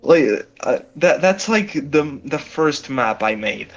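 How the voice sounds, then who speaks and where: A man hosting a casual video game chat, blunt and quick to swear. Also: fairly high pitch, expressive, lo-fi sound, soft background music. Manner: blunt and profane.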